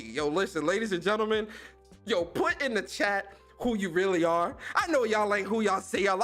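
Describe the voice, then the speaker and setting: Hyped man giving stream shout-outs. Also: sits high, moderate pace, soft background music. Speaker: podcast and stream host. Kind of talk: casual live-stream chat.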